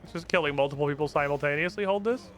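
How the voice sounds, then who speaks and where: A man's voice: fairly high pitch, racing, a bit bright. A young man streaming a fantasy game, joking and swearing casually as he plays. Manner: playful, profane, joking. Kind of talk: casual gameplay commentary. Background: game music.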